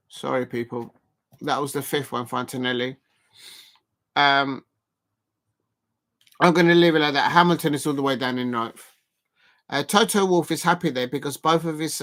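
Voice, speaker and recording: A man with a South London accent, hosting a live race watch-along and commenting in a rambling, halting way with many fillers. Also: fairly high pitch, pushed and bright. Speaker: live stream host.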